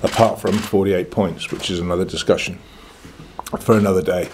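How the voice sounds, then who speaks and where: A man's voice: sits low, fairly even intonation, moderate pace, a little hiss or hum. A man in his sixties with a northern English accent, answering reporters at a press conference in a blunt, confident, plain-spoken way. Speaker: cricket club chairman.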